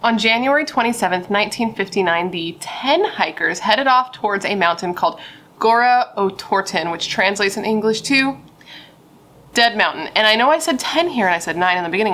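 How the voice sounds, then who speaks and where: A woman's voice: mid-range voice, fairly bright tone, a little hiss or hum. A woman hosting a true crime video, telling the story in a chatty, playful, self-deprecating way over a casual drink.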